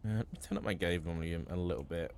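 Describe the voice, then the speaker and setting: A man's voice: deep voice, fast talker, a little mellow, slight background noise. A young man streaming a roleplay game, chatting casually, thinking aloud, swearing now and then and laughing. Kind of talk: casual gameplay chat.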